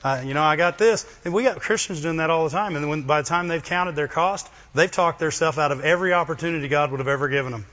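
A man preaching a sermon, animated, often asking the congregation for a response. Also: on the high side, fast talker, hardly any pauses. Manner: animated, asks the congregation questions. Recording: dull lo-fi recording.

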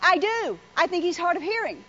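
A woman's voice: very high voice, very animated, fairly quick, pushed and bright. A woman preacher delivering a folksy, joking sermon full of stories. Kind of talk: sermon with storytelling. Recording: slightly muffled with faint noise.

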